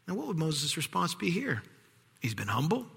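Man in a church hall preaching, bright and husky, animated, acts out the voices, long reverb. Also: fairly high pitch, normal speed. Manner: animated, acts out quoted voices, drops to hushed whispers. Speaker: pastor. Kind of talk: sermon.

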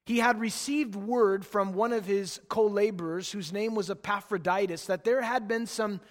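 High-voiced pastor in a reverberant hall. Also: male voice, moderate pace. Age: late 30s. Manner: relaxed, chatty storytelling with laughs. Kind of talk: sermon.

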